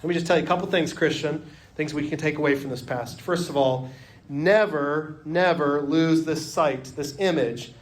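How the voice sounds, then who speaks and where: A man preaching a sermon as pastor, earnest, often dropping to a hush on key phrases. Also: fairly high pitch, normal speed.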